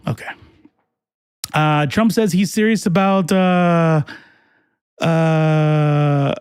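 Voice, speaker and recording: A fairly high-voiced man ranting on a live stream, heated and profane, tripping over restarts as he answers chat. The sound is close and dry, with no room around him. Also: fairly even intonation, extremely slow, pauses often, clean tone, no room sound. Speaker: political commentary streamer. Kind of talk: casual live-stream commentary reading chat.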